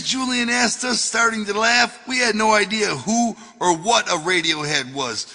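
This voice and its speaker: A man's voice: high-pitched, unhurried, sharp tone, long reverb tail. A man reading his own memoir as an audiobook, telling it in a loose, profane way. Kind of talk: audiobook narration.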